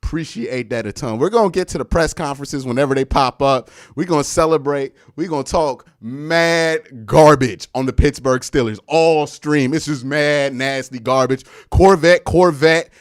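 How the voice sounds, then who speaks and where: A man's voice: medium pitch, moderate pace, hardly any pauses. Brash, trash-talking male sports streamer. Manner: boastful trash talk with shouts and laughs, reads out viewer messages. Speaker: sports show host. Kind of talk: excited live-stream sports talk.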